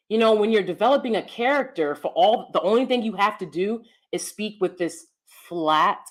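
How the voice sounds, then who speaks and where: An American woman whose regional accent slips in and out of neutral speech. She gives emphatic opinion commentary, lecturing her viewers and hammering her points home. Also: mid-range voice. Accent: American regional accent mixed with neutral speech. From United States. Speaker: commentary vlogger.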